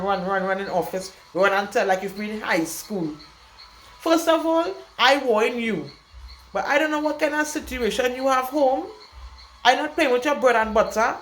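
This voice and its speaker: Blunt woman, echoey room. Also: fairly high pitch. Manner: emphatic, repetitive, speaks her mind bluntly. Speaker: vlogger. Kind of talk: casual storytime rant to camera. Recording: echoey room with faint background noise.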